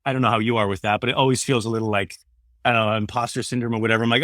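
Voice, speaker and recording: A man's voice: mid-range voice, fairly even intonation, very fast, fairly bright tone, no echo, clean studio sound. A middle-aged man from Canada, a former radio host, talking earnestly and loosely as an interview guest, peppering his talk with "man" and "you know". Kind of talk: candid interview conversation.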